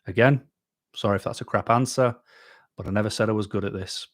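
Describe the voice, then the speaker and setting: A man's voice: on the low side, quick pace, dry recording, studio quality. A man hosting a live stream, chatting casually with viewers in a rambling, self-deprecating way, full of ums and restarts.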